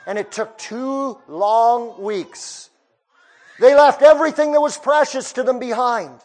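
A man preaching a storytelling sermon, moving between hushed passages and raised ones. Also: very high-pitched, unhurried.

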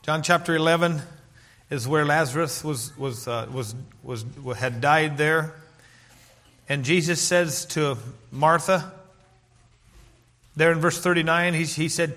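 Middle-aged male preacher, earnest and emphatic, reads scripture aloud, pitched high with a bright tone. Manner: earnest, slow emphatic delivery with King James scripture reading. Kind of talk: sermon.

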